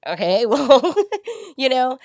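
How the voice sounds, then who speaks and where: A woman casting director as a guest, speaking in a relaxed and candid way and laughing easily. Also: high voice, takes it slowly, dry recording, clean studio sound. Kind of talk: casual interview chat.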